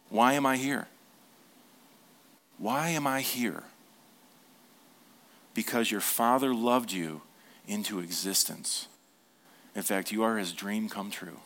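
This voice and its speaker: Pastor preaching a lively sermon. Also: male voice, on the low side, gravelly. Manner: animated, asks the congregation questions and repeats them; drops to soft, hushed tones for tender points.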